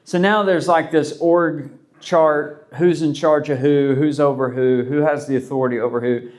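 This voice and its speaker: A man preaching a sermon as a pastor, talking in a relaxed, conversational way and acting out the voices of people he quotes. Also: on the high side, normal speed.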